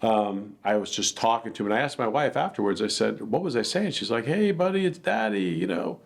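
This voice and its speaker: A man's voice: on the low side, expressive, fairly quick, vocal fry. A man earnestly telling a personal account in a plainspoken, reflective way. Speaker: dog attack victim telling his story.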